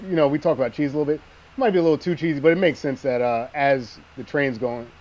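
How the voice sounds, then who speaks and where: A man co-hosting a casual movie discussion, relaxed and laughing as he retells scenes. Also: mid-range voice, fast talker, lo-fi sound.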